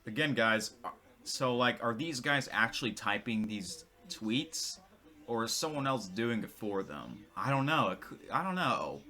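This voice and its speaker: A man's voice: medium pitch, animated, unhurried, sharp tone. A man vlogging in casual commentary, rambling with many restarts and self-corrections. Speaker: vlogger reading tweets.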